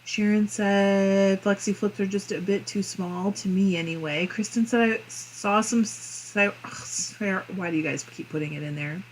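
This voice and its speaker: Midwestern woman host, mid-pitched voice, casual and chatty as she reads viewer comments aloud on a live crafting stream. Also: fairly even intonation, measured pace, hardly any pauses, slight background noise, poor audio. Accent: Midwestern American. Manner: chatty and friendly, muses aloud with small laughs.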